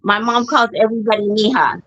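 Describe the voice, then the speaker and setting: Woman, mid-pitch, candid storyteller in casual chat, slightly dull dry sound. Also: a little fast, a bit bright, no room sound. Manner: candid, laughs while telling family stories. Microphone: streaming mic.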